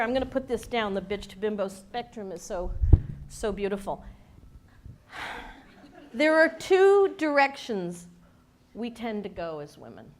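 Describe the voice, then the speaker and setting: A woman leadership coach gives a lively talk to a studio audience, leaning hard on key words and slipping in dry jokes. Her voice sits at an ordinary middle pitch. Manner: animated, emphatic, wry humor. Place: event space with a studio audience.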